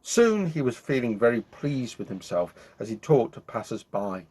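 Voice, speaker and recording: A man hosting his own show, reading a children's bedtime story aloud in an expressive, animated way. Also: mid-range voice, moderate pace, husky. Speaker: storyteller host.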